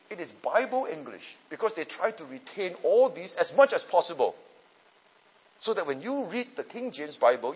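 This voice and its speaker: Pitched on the high side with a husky quality, this male pastor and Bible teacher answers questions from students during a teaching session. His manner is explanatory, and he frequently checks that everyone is keeping up. A long hall reverb colors the audio.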